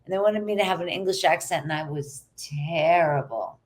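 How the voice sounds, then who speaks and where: A middle-aged actress chatting as a guest in an interview, telling stories in an animated way. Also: female voice, fairly low pitch, moderate pace. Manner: chatty, animated storytelling with quoted asides. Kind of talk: casual interview chat.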